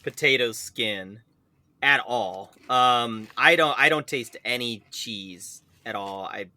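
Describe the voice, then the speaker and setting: A man co-hosting a casual snack-tasting podcast, giving blunt, dry reviews and quick put-downs. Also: mid-range voice, bright, forceful tone, no room sound. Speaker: podcast co-host, snack taster. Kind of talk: casual comedic chat.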